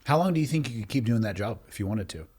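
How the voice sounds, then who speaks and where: Quick, husky-voiced podcast host man. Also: medium pitch, lively intonation, darkish tone. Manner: brief reactions and questions. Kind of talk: casual chat.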